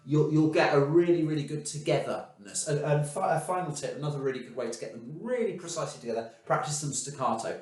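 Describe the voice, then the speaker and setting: A man's voice: a little high, quick pace, hardly any pauses. A man giving a student encouraging piano practice tips, singing rhythms as "da" and demonstrating at the keys. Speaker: piano teacher. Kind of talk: recorded practice feedback. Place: room with a piano. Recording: very echoey room, mic far off. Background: piano playing.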